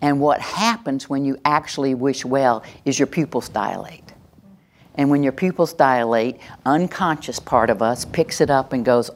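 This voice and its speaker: Workshop presenter, woman, deep-set voice, lively and playful delivery. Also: normal speed. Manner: animated, acts out little scenes and laughs along. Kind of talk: live teaching talk to an audience.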